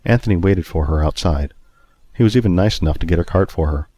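A man narrating a story in a steady, even reading voice. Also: low-pitched, quick pace.

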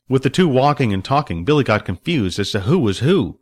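A man's voice: mid-range voice, very animated, a little fast, few pauses, husky. A man reading a story aloud as narrator, voicing the characters himself. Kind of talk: audiobook narration with voiced characters.

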